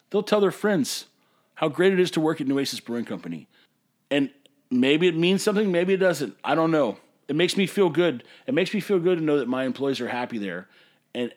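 Guy ranting on his podcast, fired up and emphatic, kinda high voice. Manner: passionate, emphatic, hollering at times. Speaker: podcast host and brewery owner. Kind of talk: casual ranting monologue.

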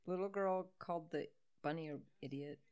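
A woman's voice: low-pitched, brisk, darkish tone, smooth. A woman co-hosting a podcast, chatting casually and sarcastically about a movie, swearing and laughing often. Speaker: podcast co-host. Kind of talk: casual movie-riffing chat.

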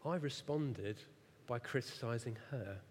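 A man's voice: medium pitch, a little slow, a little hiss or hum. A man in his thirties preaching a sermon and telling a story against himself, often laughing at his own failings. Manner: self-mocking, animated storyteller who laughs at himself. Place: church hall. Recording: echoey hall reverb.

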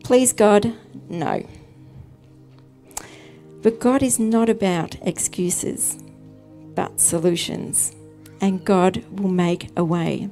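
A woman preacher, giving a calm, measured sermon as a story. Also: on the low side, soft background music.

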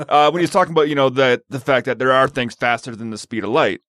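A man's voice: medium pitch, fast talker, dry recording, clean studio sound. Rambling man in casual chat. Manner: rambling, animated storytelling.

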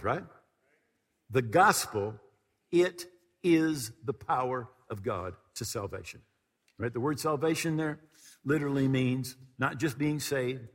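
A man's voice: medium pitch, a bit bright, husky, long reverb tail. An older man preaching a sermon as pastor, emphatic and repeating his key phrases.

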